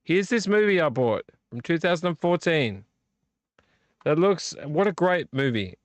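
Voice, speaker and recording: A man's voice: fairly high pitch, sing-song, measured pace, dry recording. A man hosting a late-night live video stream, rambling and teasing a viewer by name while a little tipsy from drinking. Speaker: vlog host.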